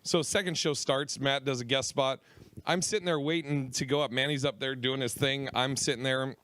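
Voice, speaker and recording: A male comedian hosting a podcast, telling a profane story in a casual, animated way. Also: mid-range voice, normal speed, no echo. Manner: profane, animated when retelling his own shouting. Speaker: host, comedian.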